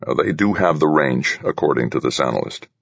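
A man's voice: a bass voice, animated, fairly quick, vocal fry, a bit bright, no room sound, muffled recording, heavily acted. A man doing a yielding, easygoing aide. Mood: resigned. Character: loyal, easygoing male aide.

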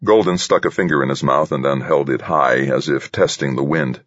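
A man narrating a novel in a measured, even way, his voice extremely low and husky. The sound is dry and a little dull, with no room around it. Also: dry recording. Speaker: audiobook narrator. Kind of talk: scripted narration.

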